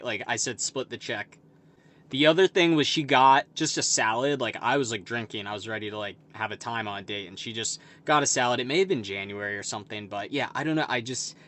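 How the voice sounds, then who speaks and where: A man's voice: medium pitch, a bit bright. Rambling man in his late twenties. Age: late 20s. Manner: rambling, heavy on "like" fillers; self-deprecating, confessional. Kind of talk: casual storytelling to camera.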